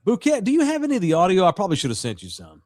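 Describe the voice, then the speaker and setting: Male sports radio co-host, high lively voice, crude rowdy storyteller, dead-dry sound. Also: rapid-fire, no room sound. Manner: profane, animated storyteller. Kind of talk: casual sports talk.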